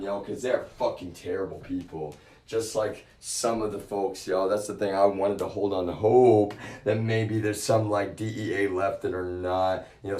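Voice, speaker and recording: A man streaming live, ranting with heavy swearing and constant repetition, swinging from low muttering to shouts. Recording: echoey room.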